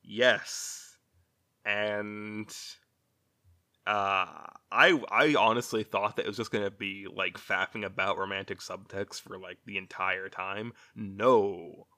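A man's voice: fairly low pitch, fairly even intonation, slow, pushed and bright. A man hosting a casual chat, rambling, laughing often and swearing freely.

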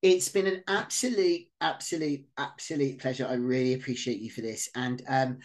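A talkative man hosting a relaxed podcast conversation. He rambles and overexplains, laughing easily as he goes. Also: medium pitch, normal speed. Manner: chatty, self-described overtalker, laughs often. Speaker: podcast host. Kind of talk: casual chat.

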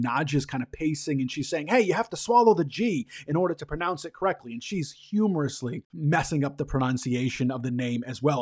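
A man's voice: mid-range voice, a little mellow. A man hosting a podcast, casually recapping a TV episode in a loose, chatty way full of fillers. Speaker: podcast host.

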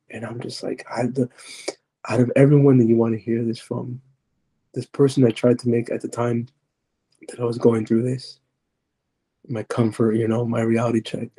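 Male podcast guest, husky and mellow, earnest testimony, halting delivery that drops to a near-murmur. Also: mid-range voice. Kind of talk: personal testimony storytelling.

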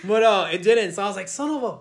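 A man's voice: high-pitched, lively intonation, quick pace, slight background noise. A young man, a podcast co-host, telling a long rambling story in casual chat and laughing often. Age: young adult.

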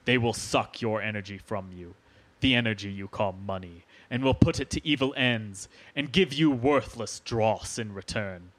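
A man reading aloud as a solemn male alien envoy addressing Earth, slow and grave, as on a podcast. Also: fairly low pitch, a bit bright, voice pushed down.

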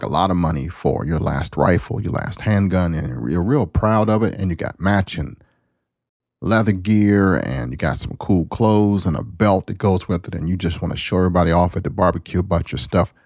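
A man with a low, deep voice hosts his own podcast in a casual monologue. He is folksy and preachy, with a plain-spoken way of talking. The sound is dry and close. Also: normal speed, darkish tone, breathy edge, no room sound. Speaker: podcast host.

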